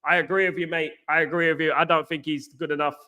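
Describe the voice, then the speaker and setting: A man's voice: a little high, little pitch movement, quick pace, pushed and bright. A man hosting a casual football live stream, passionate and rambling as he reads the chat aloud. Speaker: livestream host and football fan.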